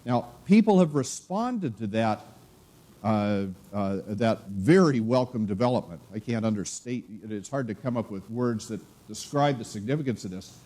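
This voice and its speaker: A man's voice: on the low side, lively intonation, mellow. A middle-aged man, an economics professor, giving a conference lecture with frequent fillers and restarts. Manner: halting, many uh fillers and restarts. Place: conference room.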